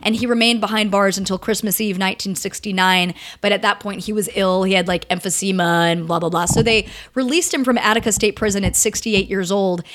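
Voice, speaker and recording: A woman's voice: mid-range voice, steady tone, fairly quick, few pauses, a bit bright. Chatty woman telling a crime story. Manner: chatty, storytelling with lots of fillers and asides. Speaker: podcast co-host. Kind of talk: casual true-crime chat.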